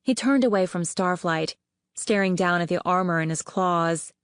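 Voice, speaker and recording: Woman reading an audiobook, low voice, dead dry close mic, steady telling. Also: moderate pace, clear, resonant tone, dry recording. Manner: steady, even storytelling. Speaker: audiobook narrator. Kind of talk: scripted narration.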